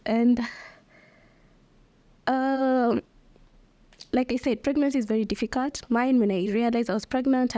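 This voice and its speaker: A young woman talks openly on her solo podcast, expressive and laughing often as she speaks to her listeners. Her voice sits a little high. The sound is dry and close, with no room echo. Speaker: podcast host. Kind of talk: candid solo podcast talk.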